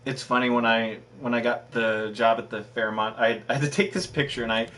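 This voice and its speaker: A man's voice: medium pitch, fairly even intonation, a little fast, fairly bright tone. A man in his thirties chatting casually while streaming a game, rambling and self-mocking, often breaking into laughter. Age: 30s. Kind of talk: casual chat while gaming.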